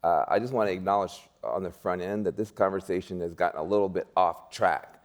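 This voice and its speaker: A man's voice: deep voice, fairly even intonation, fairly quick. A man speaking as a panel guest, emphatic and rousing, repeating his points like a preacher. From United States. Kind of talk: panel discussion.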